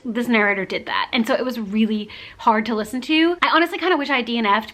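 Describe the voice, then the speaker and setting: A young woman from the American South gives a casual, candid book review, rambling a little with fillers and restarts. Her voice sits slightly higher than most women's. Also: a bit bright.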